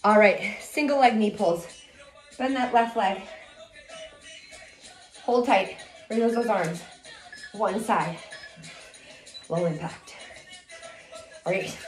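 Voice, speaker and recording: A woman's voice: mid-range voice, slow, pauses often. Woman instructor leading cardio, slightly out of breath, hypes everyone up, music playing faintly behind. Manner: energetic, counts reps and cheers on. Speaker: fitness instructor. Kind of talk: coaching a workout. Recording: echoey room with music.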